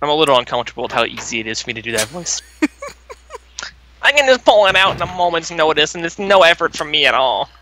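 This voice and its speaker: A young man chats and jokes while he streams a video game with a friend. His voice is very bright and sits a little high. A faint hiss of noise runs under him. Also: big pitch swings, a little fast, poor audio. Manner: joking, chatty. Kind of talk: let's play banter.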